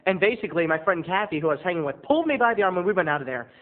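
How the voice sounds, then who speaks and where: A male video blogger tells a dramatic, gossipy story straight to the camera with theatrical, punchy delivery. His voice is high-pitched and expressive, and he talks rapid-fire. The audio is tinny and lo-fi, like a phone.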